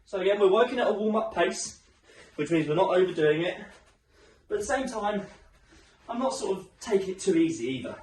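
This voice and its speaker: This fitness instructor cheers on his home workout class in a chatty, upbeat way, slightly winded as he goes. He has a high, darkish voice with lively intonation and talks fairly quickly. The mic is distant in an echoey room, with a little hiss or hum.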